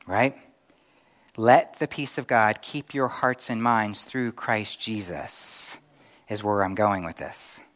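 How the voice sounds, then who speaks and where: A middle-aged male pastor preaching a conversational sermon with animated acted-out asides. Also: on the low side, slow pace.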